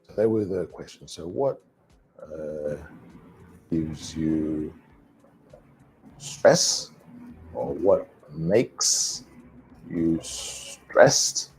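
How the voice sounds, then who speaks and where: Man, English teacher, slow drill-like repetition, husky low voice. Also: animated, a little mellow. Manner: slow, repeats phrases for pronunciation practice. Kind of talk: live online English lesson. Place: alone.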